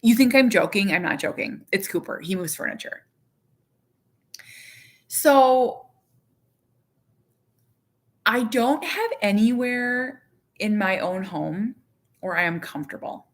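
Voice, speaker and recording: A woman in her thirties chatting casually to her viewers from her living room, rambling and animated, with lots of "like". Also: medium pitch, normal speed. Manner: rambling, heavy use of "like"; candid, animated. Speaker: vlogger, parent.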